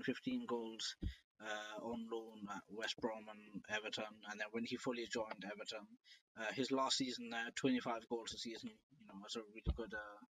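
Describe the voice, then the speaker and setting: A young man co-hosting a casual football podcast, relaxed and hesitant, with frequent ums. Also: mid-range voice, rough recording. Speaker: podcast co-host.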